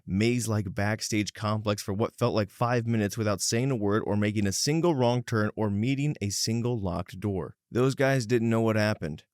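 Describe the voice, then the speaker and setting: Low-voiced man reading stories. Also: no echo, clean studio sound. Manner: steady reading with short wry asides. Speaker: story narrator. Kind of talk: reading online stories aloud.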